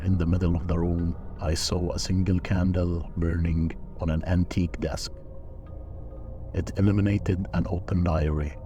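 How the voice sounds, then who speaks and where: A man reading a scripted first-person horror story in a slow, measured, even delivery. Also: deep voice. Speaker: narrator.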